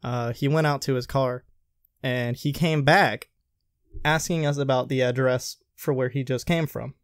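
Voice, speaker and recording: Unhurried and medium-pitched, a young man on a podcast casually recounts his restaurant job experiences with animation, acting out other people's quoted words. The recording is studio quality and echo-free.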